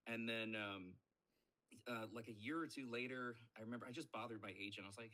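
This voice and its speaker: A man in his thirties, a voice actor guest on a podcast, telling stories in a casual, animated way and acting out what people said. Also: lowish voice, quick pace. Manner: animated storyteller, acts out quoted voices. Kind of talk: casual podcast interview storytelling.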